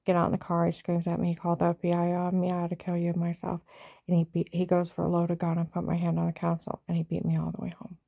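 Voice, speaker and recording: A woman's voice: lowish voice, completely flat delivery, fast talker, creaky, dark tone, dry recording. A woman giving an agitated, rambling personal account and acting out what other people said. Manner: agitated, rambling retelling that acts out others' lines.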